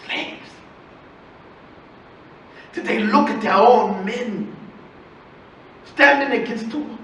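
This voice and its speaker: A woman storyteller playing a grieving, defiant enslaved woman who serves in a tavern, speaking slowly and with passion, repeating phrases for weight, live on a festival stage. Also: on the high side, a little hiss or hum. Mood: angry. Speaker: storyteller in historical character. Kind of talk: live first-person historical storytelling. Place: festival stage before an audience. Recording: echoey hall, voice from far off.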